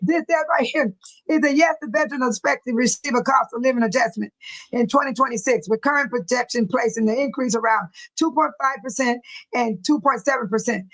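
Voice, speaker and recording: A woman's voice: fairly high pitch, a bit bright, rough recording. A middle-aged woman hosting a casual livestream, chatting animatedly with her viewers and reading comments and news aloud. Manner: reads news aloud haltingly.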